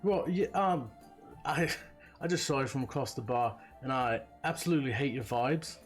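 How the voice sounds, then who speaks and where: A man's voice: medium pitch, normal speed, faint music behind, natural voice. A man playing a brash, insulting male adventurer who taunts strangers in a tabletop game. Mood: taunting. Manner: rude and taunting.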